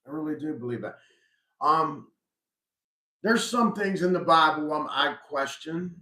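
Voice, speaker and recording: A man's voice: on the high side, a little slow, bright, forceful tone. A middle-aged man hosting a casual live chat, reflective and rambling with frequent restarts. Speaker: host. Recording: roomy echo.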